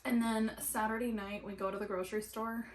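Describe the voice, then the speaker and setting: A young adult woman vlogging while she sews, telling a story in an animated way with lots of "like" fillers. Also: a little high, brisk, a little hiss or hum, low-quality recording. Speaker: sewing vlogger. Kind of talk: casual chat while sewing. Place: at home at a sewing table.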